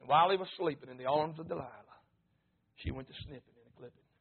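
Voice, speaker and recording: A man preaching a sermon, swinging between fervent shouts and low murmurs. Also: fast talker, gravelly, crowd noise. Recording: tinny, phone-like sound.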